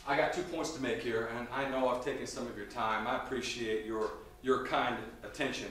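A man's voice: mid-range voice, steady tone, brisk, few pauses. Brief: emphatic man preaching a sermon, heard from a distance in a big, echoey church. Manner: emphatic, shifts between loud and quiet.

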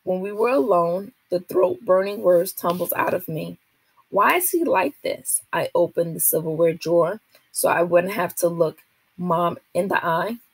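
A woman, a teacher, reading a children's novel aloud to a class in a steady, expressive way. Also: on the low side, normal speed, slightly rough, no room sound.

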